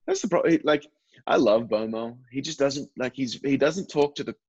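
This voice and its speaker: A man's voice: medium pitch, moderate pace, a little mellow, husky, no echo, highs cut off. A young Australian man chatting as a guest in an interview, rambling with lots of fillers and restarts. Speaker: baseball relief pitcher, guest. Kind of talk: casual interview chat.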